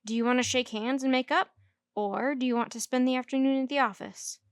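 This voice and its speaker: A woman voicing a patient male schoolteacher who speaks in a measured way and gently corrects grammar. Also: high-pitched, fairly even intonation, clear, resonant tone, dry recording, natural voice. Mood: stern. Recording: dry close recording.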